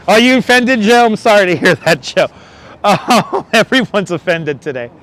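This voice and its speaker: His voice is high, a bit bright and lively in intonation, at normal speed, as he hosts a live stream walking a windy city bridge. He chats, jokes and reads out viewer comments on a wireless lapel mic, with traffic and subway trains audible around him.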